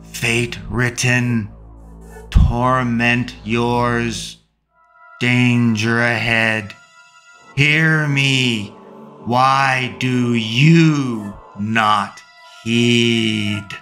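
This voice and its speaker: Ominous disembodied dream voice, put on by a male narrator; slow, insistent, otherworldly. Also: mid-range voice, fairly even intonation, bright, forceful tone, faint music behind.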